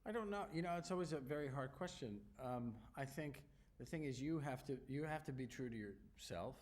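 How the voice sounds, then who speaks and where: A middle-aged man, an actor, answering audience questions on stage with animated, self-deprecating storytelling. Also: mid-range voice, a little fast. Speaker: actor at festival Q&A. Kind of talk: onstage Q&A answers.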